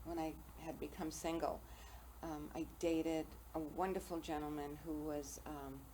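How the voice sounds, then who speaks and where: A woman's voice: sits low, flat delivery, a little slow, dark tone, low-quality recording. An older woman hosting a local TV interview show, telling personal stories with self-deprecating humor. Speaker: talk show host. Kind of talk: casual interview chat. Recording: faint noise, local TV studio.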